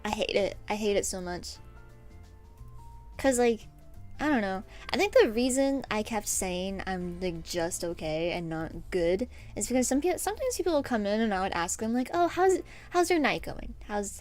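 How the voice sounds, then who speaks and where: A young woman streaming while she draws, telling a story in an animated, rambling way, with lots of fillers and laughs. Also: mid-range voice, moderate pace. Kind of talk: casual storytelling chat while drawing. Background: faint background music.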